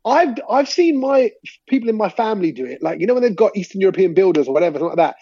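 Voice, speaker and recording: A man's voice: high voice, very animated, rapid-fire, dark tone, breathy edge, no room sound, highs cut off. A man from hosting a podcast, teasing his co-hosts and laughing often in casual banter. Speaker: podcast host.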